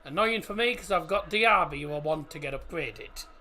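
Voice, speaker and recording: A man's voice: a little high, animated, moderate pace, sharp tone. A young man chatting casually while streaming a football watchalong, blunt and rambling. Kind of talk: casual live commentary and chat.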